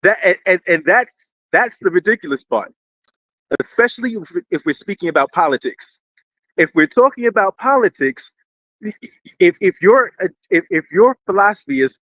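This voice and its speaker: A man hosting casual live-stream commentary, rambling and animated, often repeating words as he restarts. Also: high-pitched, moderate pace, dry recording, highs cut off. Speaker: political commentary host. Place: indoors near a street with fire trucks.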